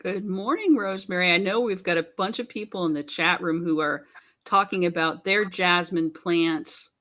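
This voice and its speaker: Male co-host, bright voice, relaxed chat, short asides. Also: high-pitched, moderate pace. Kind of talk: casual chat.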